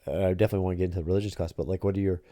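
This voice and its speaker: A middle-aged man talks casually with his daughter in a deep voice. He rambles, restarts and gropes for his point. His tone is warm and dark, and the recording is dry. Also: fairly even intonation, very fast, dry recording. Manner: rambling, searching for words. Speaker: podcast host. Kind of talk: casual father-daughter chat.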